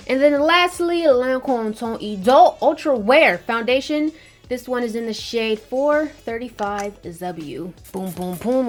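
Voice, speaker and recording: A woman beauty vlogger talking in a sassy, slangy, chatty way. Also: a little high. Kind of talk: casual beauty vlog.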